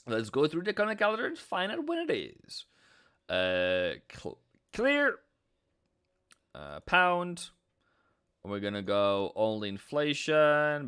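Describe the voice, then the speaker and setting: A man's voice: medium pitch, fairly bright tone, clean tone. A man from Norway, hosting a casual live trading stream, playful and chatty with viewers, tossing in silly sound effects. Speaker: forex trading livestream host.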